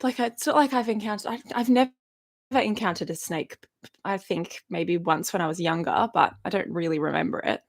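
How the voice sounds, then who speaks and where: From her bedroom at home, a woman in her 30s from Australia live streams as a YouTuber, rambling cheerfully and laughing a lot as she takes viewer questions. Her voice is mid-range and creaky.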